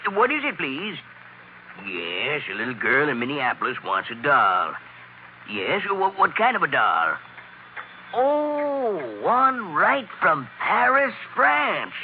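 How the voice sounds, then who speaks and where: A man's voice: on the high side, huge pitch swings, slow, a little hiss or hum, heavily acted. An older man playing a kindly, busy Santa Claus who talks heartily with chuckles in a 1940s radio drama. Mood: jolly. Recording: tinny old radio recording.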